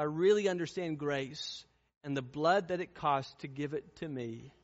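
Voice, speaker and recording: A man's voice: fairly high pitch, a little slow, long reverb tail, lo-fi sound. A man preaching a sermon, storytelling and then pressing his points with fervent, rising intensity. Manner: impassioned, rising to fervent peaks.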